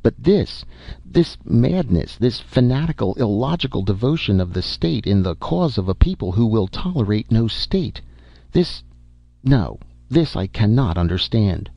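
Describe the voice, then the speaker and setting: A man's voice: lowish voice, expressive, normal speed, vocal fry, dark tone, dry recording. A man voicing a withered old male alien envoy who pleads and grows bitter, on a dull, dry recording. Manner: pleading, rising to an outburst.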